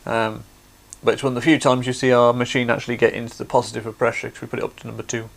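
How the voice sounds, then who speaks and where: A man's voice: mid-range voice, level tone, very fast, gravelly. A man hosting a craft livestream, chatty and explaining things step by step. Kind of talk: casual demonstration.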